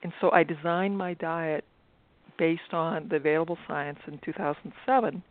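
A middle-aged woman physician speaking as an interview guest, thoughtful and halting, with many fillers and restarts. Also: low-pitched, dry recording. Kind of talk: interview conversation. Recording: tinny phone-like line.

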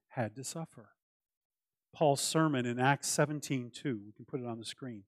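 A man delivers a sermon as a pastor, earnest and emphatic, circling back to his key phrases. His voice sits in an ordinary middle pitch. The sound is close and dry, with little room in it. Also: dry recording.

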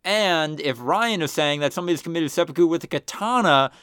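Man, podcast co-host, fairly high voice, dry close sound, picky about definitions. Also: lively intonation, fairly quick, a bit bright, clear, resonant tone, no echo. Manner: pedantic, swears casually. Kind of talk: casual chat.

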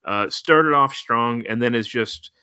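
A man co-hosts a podcast, chatting wryly and laid-back about a horror movie with plenty of fillers. His medium-pitched voice is unhurried, bright, forceful, and smooth. The recording has no echo, but the highs are cut off.

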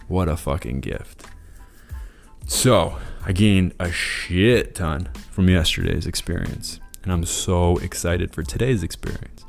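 A man's voice: deep voice, slow, creaky, soft background music. A man hosting a motivational podcast monologue, enthusiastic and freely profane. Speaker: podcast host.

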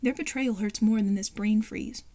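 A woman voicing a deadpan little genius girl with a flat, dry delivery. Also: mid-range voice, normal speed, lightly acted.

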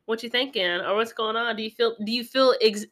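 A married woman co-hosting a podcast in casual chat, animated and joking, laughing often. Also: a little high, a little fast. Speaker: podcast co-host.

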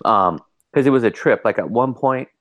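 A man co-hosting a podcast, chatting casually and telling lively stories, voicing the people in them with sudden jumps in pitch. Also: moderate pace. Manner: animated storyteller, mimics people with pitch jumps. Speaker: podcast co-host.

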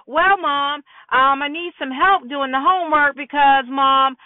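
A woman's voice: fairly high pitch, no room sound, natural voice. A woman voicing a whiny teenage boy who pleads with his mother to get out of his homework. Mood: wheedling. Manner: wheedling, rushed. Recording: tinny phone-like line.

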